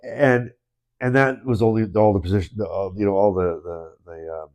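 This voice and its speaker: In an in-person indoor studio, a male podcast co-host rambles through casual conversation with lots of restarts and chuckles. His voice is lowish and darkish in tone, fairly even in intonation, at normal speed.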